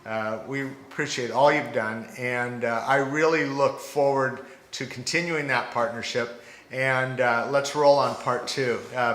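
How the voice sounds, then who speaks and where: A man giving a ceremony speech as mayor, halting with frequent fillers. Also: medium pitch, a bit bright, slight background noise. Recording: echoey public space.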